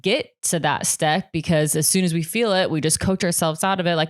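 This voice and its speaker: Young woman vlogger, low smooth voice, dry close sound, candid and profane. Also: steady tone, a little fast, hardly any pauses, no echo. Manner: frank and profane, heavy use of "like". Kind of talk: candid personal monologue.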